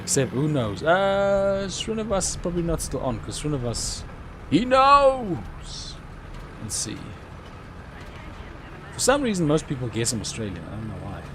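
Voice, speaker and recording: A young man talks his way through a live game stream in a lively, bouncing voice, rambling casually between sudden excited yelps. A faint hum of noise sits behind him. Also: a little high, normal speed. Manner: chatty, with sudden excited outbursts. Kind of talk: live gameplay commentary.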